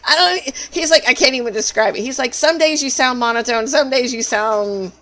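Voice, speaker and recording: A woman's voice: high-pitched, brisk, a bit bright. A woman with a Southern drawl, chatting casually on a live stream while she plays, laughing easily. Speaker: game streamer.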